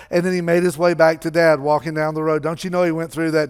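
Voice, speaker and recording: A male pastor preaches in a conversational storytelling manner. His voice is high and smooth, and he acts out the characters as he goes. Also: flat delivery, quick pace, few pauses. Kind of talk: sermon.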